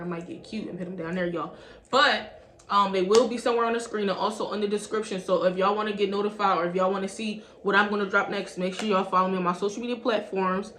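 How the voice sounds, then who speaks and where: A beauty vlogger talks casually through a product review, her mid-range voice pushed and bright. She keeps calling out to her viewers with "y'all," saying it constantly. The recording has a roomy echo and a faint hum underneath.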